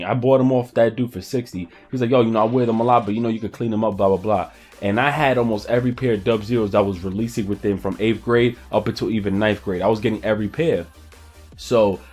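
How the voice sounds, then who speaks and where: A young man telling a personal story in a casual, animated, profane and slangy way. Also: mid-range voice. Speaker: vlogger.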